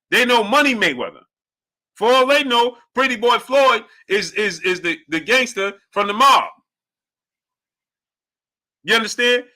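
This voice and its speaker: A live-stream boxing commentator talks emphatically, circles back to his points and welcomes chatters by name. The voice is fairly high-pitched with a bright, forceful tone.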